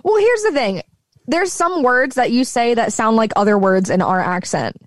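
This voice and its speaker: A woman's voice: on the high side, animated, normal speed, dry recording, clean studio sound. A young woman with a slight Southern US accent chatting animatedly and laughing often. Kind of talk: casual chat.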